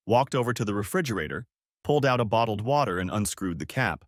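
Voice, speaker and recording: A man reading a drama story as an audiobook, with a low voice that rises and falls expressively. The recording is dry and close, with no room around it. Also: expressive, fairly quick, no echo. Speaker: narrator.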